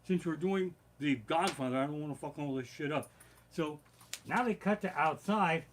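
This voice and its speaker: A man's voice: a little high, a little hiss or hum. A man doing comedic storytelling on a live stream from his living room, rambling, swearing freely and getting heated. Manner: profane, rambling and animated. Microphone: basic home streaming setup.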